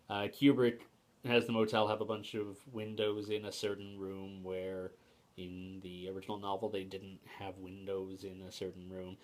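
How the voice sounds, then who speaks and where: A young man with a fairly low voice talks through a book review in a casual, unscripted way. He hesitates often, restarts his sentences and fills pauses, but states his opinions plainly. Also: a little mellow.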